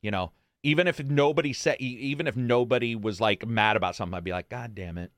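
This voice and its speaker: A man's voice: mid-range voice, quick pace, dry recording, studio quality. A man hosting a casual chat, telling stories in a blunt, profane way. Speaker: podcast host.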